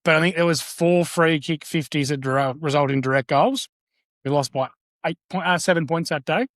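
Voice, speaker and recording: A man's voice: on the high side, normal speed, a bit bright, no room sound, clean studio sound. An Australian man on a podcast, blunt and laughing as he talks, swearing freely. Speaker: podcast co-host. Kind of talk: casual chat.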